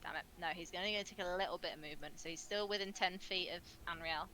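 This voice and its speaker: A woman's voice: lowish voice, quick pace, pushed and bright, slight background noise. A woman playing in a tabletop game, eagerly describing her character's moves. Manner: eager, cheers at the dice rolls. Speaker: player.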